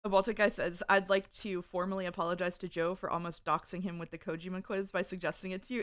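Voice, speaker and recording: Fast and with hardly any pauses, this woman speaks in a voice on the low side. She's a streamer in a casual live-stream chat, reading out messages from viewers, talking easily, and laughing a lot.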